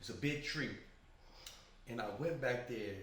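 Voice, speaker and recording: Animated male host, bright and forward voice, slightly off-mic in an echoey room. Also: unhurried, distant mic, a little hiss or hum. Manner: animated storyteller, jumps into high acted voices for quotes. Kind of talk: casual storytelling chat.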